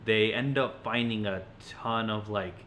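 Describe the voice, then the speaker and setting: A man co-hosting a podcast, retelling a horror movie in casual, animated chat with frequent swearing and laughter. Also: fairly low pitch, a little slow, slight background noise. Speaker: podcast co-host.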